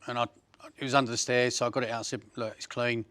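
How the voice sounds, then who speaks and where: A man's voice: medium pitch, level tone, quick pace, a bit bright, no room sound. A man, recounting a violent episode in blunt, coarse words. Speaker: interviewee.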